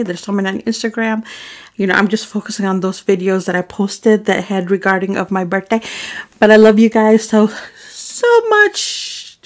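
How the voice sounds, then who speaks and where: Affectionate woman vlogger giving shout-outs. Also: medium pitch. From Arab. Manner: affectionate, calls viewers baby boo; stumbles over names. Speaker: mukbang vlogger. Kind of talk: casual shout-outs to viewers.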